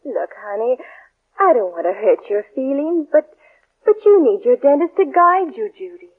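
A woman's voice: high-pitched, very animated, moderate pace. An actress playing an earnest young woman giving frank advice in a 1940s radio commercial sketch. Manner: earnest, confiding. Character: frank sympathetic young woman, the friend's sister. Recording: tinny old radio broadcast.

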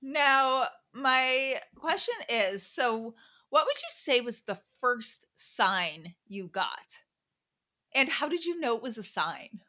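Bright, lively-voiced woman host. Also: sits high, takes it slowly. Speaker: podcast host. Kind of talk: interview questions.

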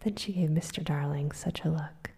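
A woman reading a storybook aloud in a breathy whisper, softly voicing the characters' lines. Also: deep voice. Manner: soft, unhurried reading that voices the characters' lines.

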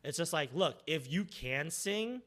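Bright-voiced young man, joking podcast host. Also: a little high, animated, a little slow. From Southern California. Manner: joking, self-mocking. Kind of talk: casual chat.

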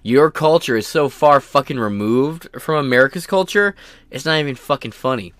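A man's voice: mid-range voice, normal speed, fairly bright tone, dry recording. A man hosting his own podcast, ranting in a profane, sarcastic and combative way. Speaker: podcast host.

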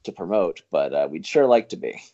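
A man's voice: deep voice, expressive, a little fast, warm tone. A man co-hosting a podcast in casual chat, agreeable and wry, laughing along. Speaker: podcast co-host. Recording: dull lo-fi podcast mic.

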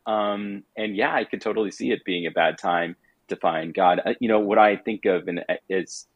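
A man on a podcast who speaks in a halting, reflective way, with many fillers. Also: fairly low pitch, no echo, dull audio. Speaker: podcast co-host. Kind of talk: casual podcast chat.

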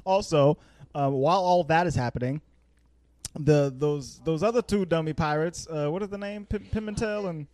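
A man's voice: fairly high pitch, normal speed, no echo. A man co-hosting a casual podcast, retelling a movie scene with frequent laughter. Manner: laughs often, animated retelling. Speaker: podcast co-host. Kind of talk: casual chat recapping a film.

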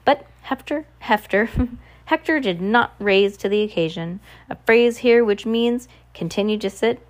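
A woman's voice: mid-range voice, measured pace. A woman reading a novel aloud, who sometimes stumbles and corrects herself. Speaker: audiobook reader.

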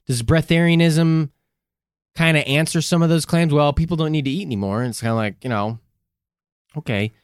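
A man co-hosting a podcast in casual chat, blunt and animated, swearing freely. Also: fairly high pitch, fairly quick, clean tone, no room sound, clean studio sound. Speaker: podcast co-host.

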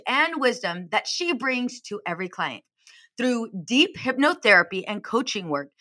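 A woman's voice: a little high, sharp tone. A woman hosting a podcast, chatting in an upbeat, casual way as she introduces and interviews her guest. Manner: upbeat, chatty, fast bursts. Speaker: podcast host.

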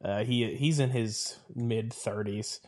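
A man's voice: on the low side, slow, a little mellow. A man co-hosting a podcast in casual chat, easygoing and agreeable, chiming in with short replies and asides. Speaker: podcast co-host.

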